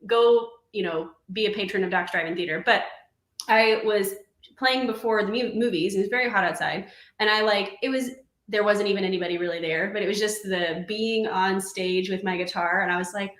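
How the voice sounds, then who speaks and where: A woman's voice: mid-range voice, normal speed. Woman, giggly, chatty musician, echoey room. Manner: giggly and chatty, with lively laughs. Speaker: musician guest. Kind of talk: casual chat. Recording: roomy echo.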